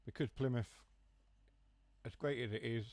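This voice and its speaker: Speaking unhurriedly with fairly even intonation, this young man has a mid-range, slightly mellow voice and a Huthwaite accent from near Mansfield, Nottinghamshire, England. He drops his H's and T's while rambling through joking asides as he streams a train game in casual chat. The recording is dry.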